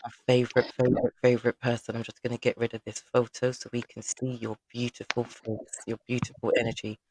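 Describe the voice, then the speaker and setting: A man's voice: medium pitch, monotone, quick pace, darkish tone, a little hiss or hum, rough recording. A man hosting a live online show over a video call, effusive and repeating phrases for emphasis. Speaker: host.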